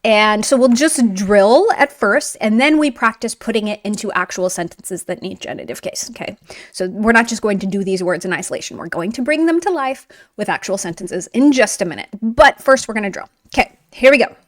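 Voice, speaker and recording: A woman's voice: mid-range voice, animated, brisk, no room sound, studio quality. A woman teaching a video language lesson in an upbeat, encouraging, chatty way while writing on a board.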